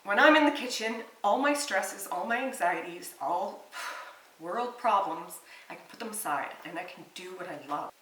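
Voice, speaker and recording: A woman's voice: mid-range voice, lively intonation, normal speed, a bit bright, reverberant, distant mic, a little hiss or hum, rough recording. A woman in her thirties, a home cook and mother, talking through her cooking in a chatty, earnest vlog with lots of fillers. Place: home kitchen and backyard grill.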